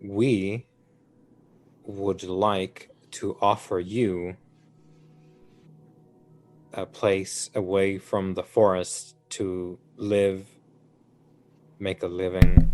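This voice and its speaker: Male player, deep and unhurried, formal in-character delivery. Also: flat delivery, darkish tone, faint music behind. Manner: slow, formal, measured speech. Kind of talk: in-character tabletop role-play.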